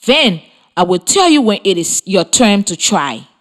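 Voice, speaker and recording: Woman, radio teacher for young children; unhurried, encouraging delivery with an expressive, wide-ranging pitch. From Liberia. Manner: slow, deliberate, encouraging instructions. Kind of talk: scripted radio lesson for children.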